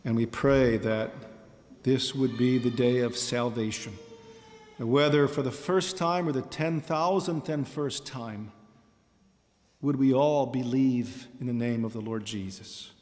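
Male pastor, mid-pitched, impassioned sermon delivery, hard repetition, echoing sanctuary. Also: unhurried, a little mellow. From Michigan, USA. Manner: impassioned, rhetorical questions, repeats key phrases. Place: church sanctuary. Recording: reverberant church hall.

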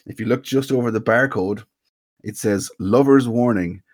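A man's voice: medium pitch, normal speed, a little mellow. A man with a Mayo accent co-hosting a podcast, chatting loosely and laughing. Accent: Irish, Mayo. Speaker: podcast co-host. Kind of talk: casual chat.

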